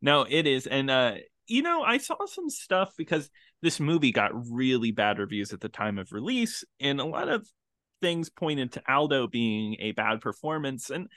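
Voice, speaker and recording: Guy on a movie podcast, super expressive voice, dry close sound. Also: medium pitch, moderate pace, no echo. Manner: animated, laughs often. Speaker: podcast co-host. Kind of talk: casual movie review chat.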